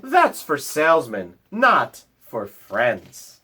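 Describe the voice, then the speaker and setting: A man's voice: extremely high pitch, huge pitch swings, measured pace, a bit bright, slightly rough, pitched above the performer's own voice, heavily acted. A man doing a lonely, pleading storybook bear. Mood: polite. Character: lonely grumpy male bear warming up.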